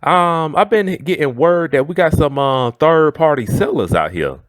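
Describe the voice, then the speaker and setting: A man's voice: a little high, expressive, moderate pace, no echo, pitched above the performer's own voice, natural voice. A man doing a stingy, accusing boss. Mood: stern. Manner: stern and accusing. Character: stingy, stern male boss.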